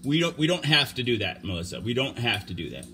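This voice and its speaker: Livestream host, male, bright edgy voice, stammering and earnest. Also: medium pitch, sing-song, slight background noise. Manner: halting, stammering, restarts sentences; earnest, defensive. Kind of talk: unscripted livestream talk.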